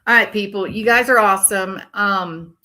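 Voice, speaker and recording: A woman's voice: medium pitch, normal speed, bright, forceful tone. An older woman hosting a casual true crime commentary livestream, ranting and reacting to viewer comments as they come in.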